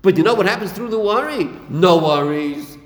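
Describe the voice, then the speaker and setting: A man's voice: sits high, lively intonation, fast talker. A man teaching a Chasidic text class, acting out dialogue and repeating his phrases. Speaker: Torah teacher. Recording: echoey room with long reverb.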